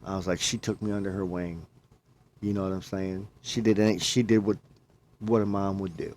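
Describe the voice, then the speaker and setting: A man's voice: deep voice, steady tone, moderate pace, a little mellow, a little hiss or hum. A man talking casually, telling a long personal story and often quoting himself. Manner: rambling, repeats himself, quotes himself. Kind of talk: casual chat.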